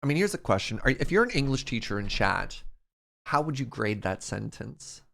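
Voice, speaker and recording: A man's voice: mid-range voice, sing-song, normal speed, gravelly, a bit bright. A man streaming and chatting casually, reading his chat aloud in a playful way and laughing often.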